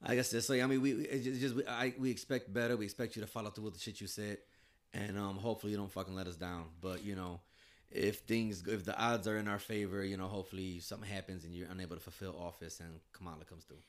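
Fast-talking animated man chatting. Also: on the low side. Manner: animated storyteller, profane, laughs often. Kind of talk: casual chat.

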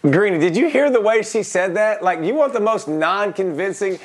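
A man's voice: high-pitched, lively intonation, moderate pace. Emphatic, joking sports analyst man. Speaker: panelist analyst. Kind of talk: sports talk debate.

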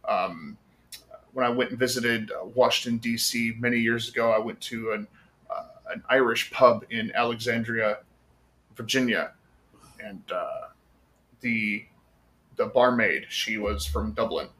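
A man's voice: mid-range voice, unhurried, long pauses, a bit bright, a little hiss or hum. An American man telling stories in a casual podcast chat, rambling with many fillers and some swearing. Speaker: podcast guest.

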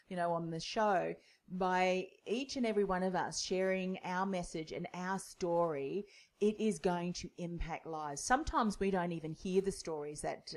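Lower-voiced woman podcast host. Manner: attentive, affirming listener. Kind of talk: interview chat.

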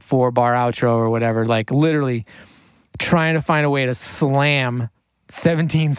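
A man's voice: mid-range voice, no room sound. A man who works as a recording engineer tells casual studio stories, full of "like" and acting out the people in them. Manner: animated, full of "like", acts out the voices in his stories. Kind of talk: casual storytelling.

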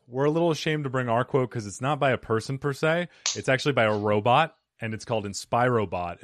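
A man's voice: on the low side, fairly bright tone, no room sound, clean studio sound. A man hosting a podcast, chatting in an upbeat, easygoing way. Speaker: podcast host. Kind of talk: casual chat.

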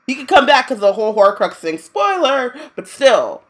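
A woman's voice: fairly high pitch, sing-song, moderate pace. A woman chatting casually about a book, blunt and free with swearing. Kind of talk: casual chat.

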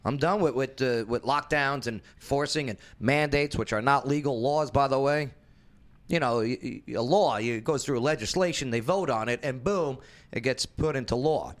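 A man hosting a casual opinion talk show, blunt and jokey, animated and fond of asides. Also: mid-range voice, normal speed.

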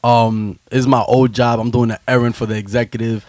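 A man telling a funny story in casual chat, laughing and swearing, jumping into high voices when he quotes people. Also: little pitch movement, fairly quick, a little mellow, no echo. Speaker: podcast host telling a story.

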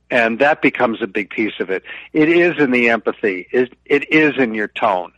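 A man's voice: medium pitch, lively intonation, normal speed, hardly any pauses, a bit bright, no room sound. Middle-aged guy guest on a business radio show, earnest, kinda muffled lo-fi line, dry. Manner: earnest, repeats words when starting thoughts. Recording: dull lo-fi remote line.

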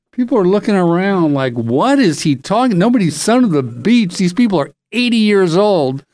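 A middle-aged man hosting a podcast, telling a rambling, animated anecdote in casual chat. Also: high voice, moderate pace, hardly any pauses. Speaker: podcast host.

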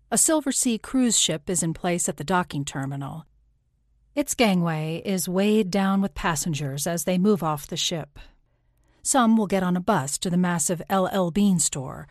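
A woman reading a first-person audiobook in a calm, even, wry manner. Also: on the low side, no room sound, clean studio sound. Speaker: audiobook narrator.

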